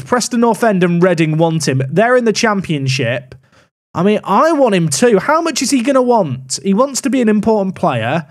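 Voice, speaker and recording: A young man casually commenting on a management game as he plays, thinking aloud with wry asides. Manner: musing aloud, wry asides, animated pitch swings. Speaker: gaming YouTuber.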